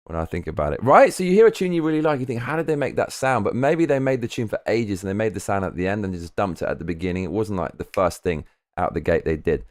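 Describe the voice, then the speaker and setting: A man's voice: fairly low pitch, lively intonation, quick pace. A man livestreaming as he builds a music track, talking casually and rambling through his ideas while swearing freely.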